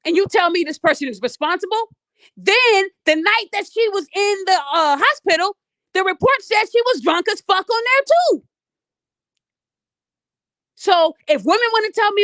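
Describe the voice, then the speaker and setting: A woman's voice: very high-pitched, expressive, normal speed, fairly bright tone, dry recording, clean studio sound. A woman podcast host giving blunt, profane commentary straight to her audience. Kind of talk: ranting commentary.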